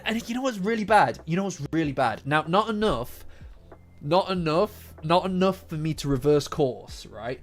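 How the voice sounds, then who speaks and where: A man hosting a casual manga reaction, animated and profane, repeating lines for emphasis. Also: on the high side, normal speed. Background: faint lofi background music.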